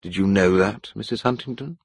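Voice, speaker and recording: A man playing an insistent gentleman suitor who pleads slowly and earnestly. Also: fairly low pitch, breathy edge, dry recording. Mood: pleading.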